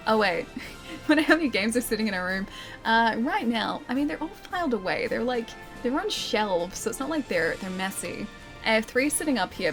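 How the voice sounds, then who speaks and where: A woman's voice: fairly high pitch, a bit bright. A young Australian woman chatting casually while streaming a game, reading chat aloud and laughing often. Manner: chatty, giggly, reads chat aloud and answers.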